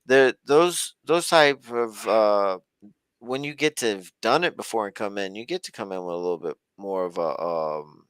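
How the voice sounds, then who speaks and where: A man's voice: lowish voice, normal speed, a bit bright, clean tone, no room sound. A man co-hosting a podcast, talking in a loose, rambling, folksy way about a reality show. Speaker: podcast co-host.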